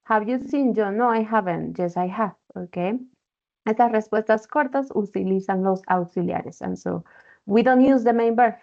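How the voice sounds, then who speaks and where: A woman's voice: mid-range voice, normal speed, gravelly, darkish tone. A woman teaching an online English class, explaining patiently and checking in often with "okay?". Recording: dull lo-fi call audio.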